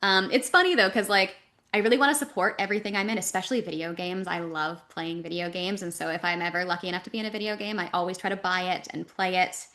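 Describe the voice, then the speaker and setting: Canadian woman voice actor chatting in an interview, lively and quick, lots of ums and likes. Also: on the low side. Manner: animated, talks in quick runs with fillers. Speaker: voice actress guest. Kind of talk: casual interview talk.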